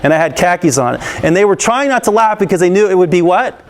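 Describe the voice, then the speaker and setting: High-voiced man quizzing a student audience. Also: lively intonation, quick pace, noisy background. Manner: engaging, peppers the audience with questions; laughs often and acts out scenes. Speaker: school counselor giving an anti-bullying talk. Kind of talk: interactive talk to students.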